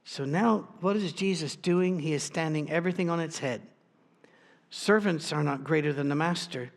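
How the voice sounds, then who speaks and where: Man preaching a sermon, chatty storytelling style, restarts a lot, voice a touch high. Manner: conversational storytelling, plain and informal. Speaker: pastor.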